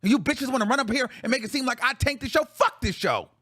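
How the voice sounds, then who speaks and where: High, bright-voiced man ranting furiously. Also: lively intonation, quick pace. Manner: profane, heated venting with repeated phrases. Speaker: show host. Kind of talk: angry reaction rant.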